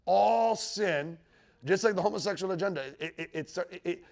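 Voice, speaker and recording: Speaking to a live audience in a teaching room, a man gives a Bible lesson on the end times, keeping it conversational and checking in with the room. His voice is high-pitched, gravelly and darkish, at a moderate pace, and his emphasis rises as he quotes scripture.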